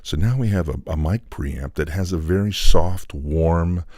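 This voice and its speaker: A man's voice: deep voice, a little slow, warm tone, no room sound. A man demonstrating studio equipment in a loose, explanatory way with frequent fillers, speaking into a studio microphone and moving on and off it. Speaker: equipment designer demonstrating a preamp. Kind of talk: technical product demonstration.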